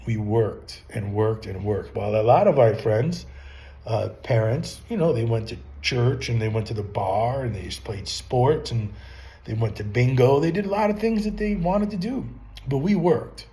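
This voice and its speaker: A middle-aged man gives business advice in a loose, rambling monologue. His voice is mellow and warm, with a middling pitch, and he keeps stopping to restart and throw rhetorical questions. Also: animated, moderate pace. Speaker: channel host giving business advice.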